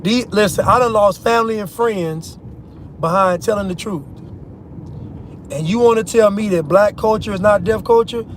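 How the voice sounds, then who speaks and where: Man, American, high-pitched, emphatic repetitive monologue, talking to viewers, in a car, faint background noise. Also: normal speed. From United States. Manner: emphatic, repeats points, addresses viewers as "y'all". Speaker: vlogger. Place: in a car while driving.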